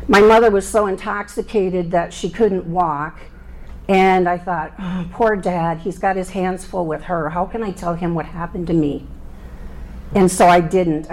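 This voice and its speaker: Middle-aged woman, plain earnest testimony voice, medium pitch. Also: a little mellow, low-quality recording. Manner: earnest, plain storytelling with prayer. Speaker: guest giving her testimony. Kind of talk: personal faith testimony.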